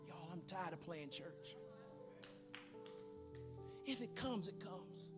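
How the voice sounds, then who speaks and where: A preacher in their forties giving a sermon, repeating words and building from quiet talk to shouting hoops. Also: medium pitch, animated, takes it slowly, long pauses, music in the background. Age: 40s. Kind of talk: sermon with hooping.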